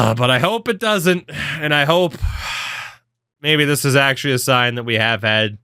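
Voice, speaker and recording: Bright, casual young man gaming commentator. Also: on the high side, a little slow, smooth, no echo, studio quality. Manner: offhand, rambling, swears casually. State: yawning, with hiccups. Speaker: gaming video creator. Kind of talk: casual commentary over gameplay.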